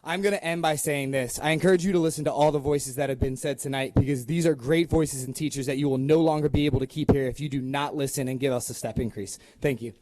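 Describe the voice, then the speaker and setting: A man's voice: medium pitch, fairly even intonation, fast, hardly any pauses, a little mellow, dry recording. A young man, a school department head, giving an impassioned public comment with many "um" fillers.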